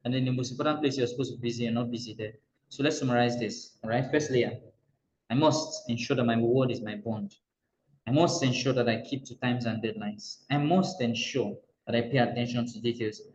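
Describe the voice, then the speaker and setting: A man's voice: medium pitch, fairly quick, a little mellow, a little hiss or hum. A man with a Nigerian accent leading a motivational coaching session, pressing his points hard and repeating key lines to his listeners. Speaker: business coach. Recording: roomy echo, dull lo-fi sound.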